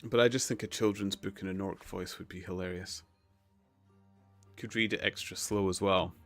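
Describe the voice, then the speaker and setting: A man chatting casually with his viewers on a live stream, relaxed and chuckling. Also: low-pitched, normal speed, soft background music. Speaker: livestreamer.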